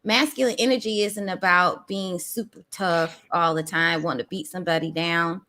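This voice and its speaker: Candid woman guest, playful and animated. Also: lowish voice, normal speed. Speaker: content creator guest. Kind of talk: casual chat.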